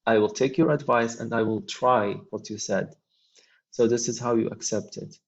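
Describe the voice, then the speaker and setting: A man teaching English, reading lines from a textbook dialogue and explaining each one slowly, with frequent ums. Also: mid-range voice, fairly even intonation. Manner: reads example lines then explains them slowly, with many ums. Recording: dull lo-fi recording.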